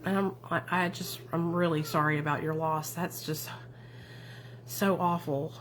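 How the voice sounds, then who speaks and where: A woman's voice: sits low, fairly even intonation, measured pace, a little hiss or hum. A woman talking casually on a livestream as a recovery advocate, answering viewer comments in an affirming, encouraging way and often tagging her points with questions. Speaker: addiction recovery advocate and streamer.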